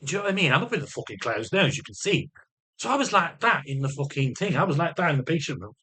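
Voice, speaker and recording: A man's voice: on the high side, sing-song, fast talker, pushed and bright, slightly rough. A man vlogging in an unscripted, rambling, sweary way, repeating himself as he talks through his frustrations. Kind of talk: unscripted personal vlog.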